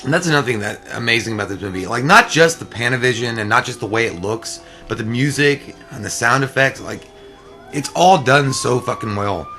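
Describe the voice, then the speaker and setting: A man with a bright, forceful voice riffs through a casual movie commentary. He jokes, swears and slips into goofy voices for the people on screen. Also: mid-range voice, lively intonation, brisk, soft background music. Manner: joking, profane, breaks into silly voices.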